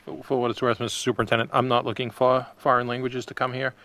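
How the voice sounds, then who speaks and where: A man on a school committee asking questions at a public meeting, speaking in a deliberate, plainspoken way. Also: medium pitch, flat delivery, pushed and bright.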